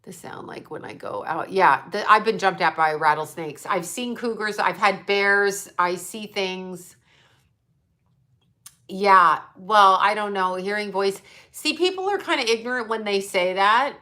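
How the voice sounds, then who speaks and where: Middle-aged woman, bright voice, loose rambling talker, frequent laughs and swearing. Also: mid-range voice, a little slow. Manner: chatty, digressive, laughs often, swears. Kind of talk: casual rambling chat.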